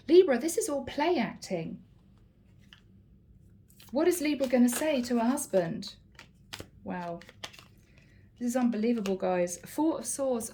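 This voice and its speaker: Woman tarot reader, playful and sarcastic, slightly higher voice, chatty delivery. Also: lively intonation, unhurried, pauses often, dark tone. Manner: playful, teasing, a bit sarcastic. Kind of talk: casual tarot card reading to camera.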